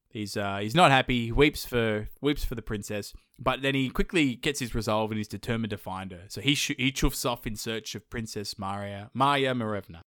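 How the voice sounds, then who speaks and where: A man, hosting a podcast and retelling a folktale in casual comedic style, with quick put-on voices for the characters. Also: medium pitch, a bit bright, no echo, clean studio sound. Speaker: podcast host.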